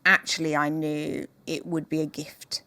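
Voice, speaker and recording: A woman guest in an interview, speaking in an earnest, measured and openhearted way. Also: deep voice, level tone, bright, forceful tone, no echo. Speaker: podcast guest, author. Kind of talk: reflective interview conversation.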